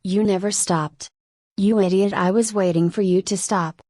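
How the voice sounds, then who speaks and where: A cocky teenage boy with a teasing edge in a storybook reading, read by a woman. The voice sits at a middle pitch, dry and close to the mic. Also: steady tone, normal speed, darkish tone, dry recording, lightly acted. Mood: breathless.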